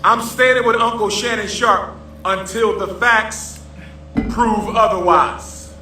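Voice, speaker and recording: A man's voice: high-pitched, takes it slowly, pushed and bright, soft background music. A man joking in a casual selfie-style rant, repeating himself and laughing as he goes. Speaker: social media commenter. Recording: roomy, distant clip with faint noise.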